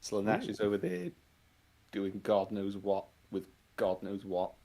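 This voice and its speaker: A man's voice: on the low side, big pitch swings, measured pace, gravelly, dark tone. A man chatting casually on a stream, laid-back, chiming in with short remarks. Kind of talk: casual chat.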